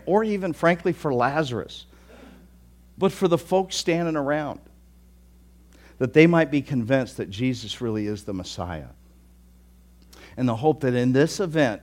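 A man delivers a church sermon, his voice sitting a little high and leaping around with lively, animated pitch. He acts out the thoughts of the people in the story and swings between loud proclamations and near-whispered asides. He tells the story the way a preacher does. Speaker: pastor.

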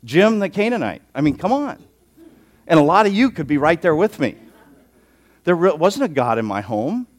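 A man's voice: fairly high pitch, sing-song, moderate pace. A man preaching an expository sermon as a pastor, conversational and given to joking asides.

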